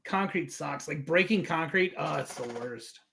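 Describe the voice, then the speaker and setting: A man with a notably high voice, hosting a casual interview over a video call. He talks in a chatty, rambling way, full of fillers, and trails into long questions. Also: normal speed, vocal fry, a bit bright, slight background noise. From United States. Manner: chatty, friendly, with many fillers. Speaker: interviewer and host.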